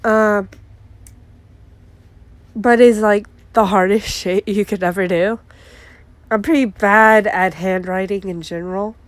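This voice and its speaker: Slow-talking congested woman. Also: mid-range voice, no room sound. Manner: laid-back, laughing, filler-heavy storytelling. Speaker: vlogger. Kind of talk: casual storytime chat.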